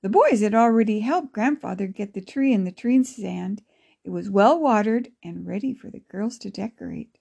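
A woman podcast storyteller reading a children's story aloud in a gentle, affectionate way. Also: medium pitch, expressive, normal speed, gravelly, breathy edge. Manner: gentle, affectionate, laughs softly.

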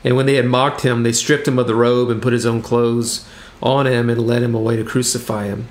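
A man's voice: medium pitch, flat delivery. Man preaching and reading scripture. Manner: measured, with halting restarts between readings. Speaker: pastor.

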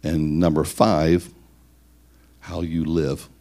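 A man with a very low, deep voice gives a leadership teaching talk to church leaders. He counts off his points one by one. He poses questions to his listeners and often repeats a word as he goes. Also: little pitch movement, slow, mellow. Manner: lists numbered points, asks rhetorical questions, repeats words.

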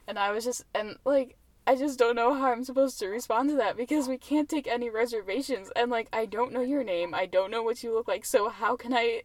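A woman's voice: fairly high pitch, a little fast, hardly any pauses, dry recording. A young woman hosting a podcast from inside a car, chatting casually and rambling with lots of fillers and laughter. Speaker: podcast host. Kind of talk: casual chat.

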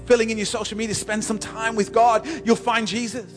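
A man preaching a sermon in church, emphatic and repetitive, stammering on restarts and swinging between loud exhortation and soft, slow moments. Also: high-pitched, little pitch movement, music in the background. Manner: emphatic, repeats and builds phrases, stammers on restarts.

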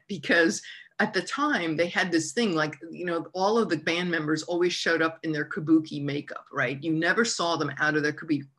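A woman telling a personal story in a casual, animated way, full of "like" and restarts. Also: lowish voice, moderate pace. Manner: laughs through the telling.

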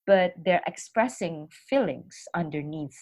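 A woman's voice: fairly low pitch, lively intonation, measured pace, a little mellow. Reflective woman explaining parenting ideas. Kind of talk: casual podcast conversation.

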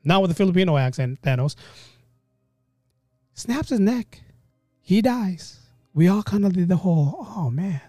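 A man hosting a casual solo podcast, talking in an animated, rambling way and often cutting himself off mid-thought. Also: high-pitched, unhurried, pauses often, dry recording, clean studio sound, soft background music. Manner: animated, rambling, self-interrupting. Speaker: podcast host.

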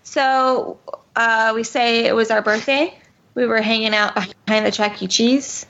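Female player, higher voice, playful, muffled lo-fi sound. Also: fairly even intonation, a little slow, fairly bright tone. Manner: playful, joking. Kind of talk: casual tabletop role-play. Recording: dull lo-fi recording.

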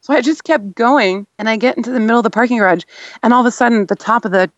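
A woman's voice: fairly high pitch, fast talker, no echo, highs cut off. Young woman laughing thru a story, casual chat, dry sound. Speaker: radio guest.

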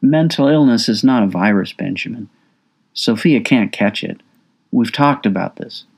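A man voicing a composed female therapist in an audiobook, measured and reassuring. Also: fairly low pitch, animated, vocal fry, husky, full character voice. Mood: calm.

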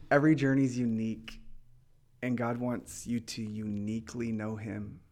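A man, a pastor, giving gentle, earnest encouragement and then praying over listeners. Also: mid-range voice, steady tone, moderate pace. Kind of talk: encouraging talk and prayer.

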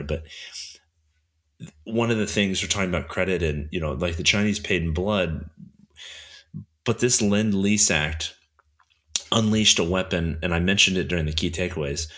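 A man's voice: sits low, moderate pace, long pauses, a bit bright. A man co-hosting a history podcast, talking casually and rambling with lots of fillers. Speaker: podcast co-host.

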